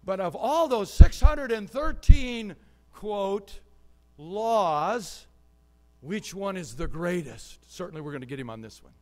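A male pastor giving a sermon, telling stories with lively swings between loud and soft delivery. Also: high voice. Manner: animated storytelling with quick shifts in volume. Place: church.

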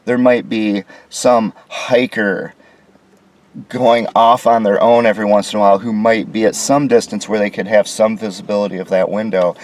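Touring a small hotel room on camera, an American man grumbles with sarcasm and indignation in a casual walkthrough review. He speaks at a normal speed in a lowish, slightly mellow voice with fairly even intonation.

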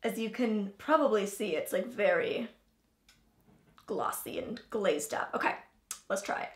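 A woman's voice: mid-range voice, animated, measured pace, reverberant. A young woman hosting a casual taste-test vlog, chatting in a loose, filler-heavy way and talking between bites. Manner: chatty, filler-heavy, talks while chewing. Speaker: vlogger host.

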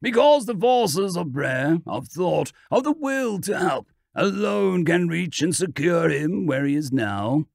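A man voicing a stern, grave old priest who speaks in a solemn, measured way in an audiobook reading. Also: on the high side, sing-song, gravelly, a little mellow, no room sound, studio quality, voice pushed up, heavily acted.

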